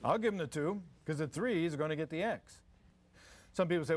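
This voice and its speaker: A man's voice: on the high side, expressive, fairly quick, darkish tone, a little hiss or hum. An older man giving a folksy, joking parenting seminar to a live audience, acting out parents and kids. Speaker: parenting lecturer. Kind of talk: humorous live seminar talk.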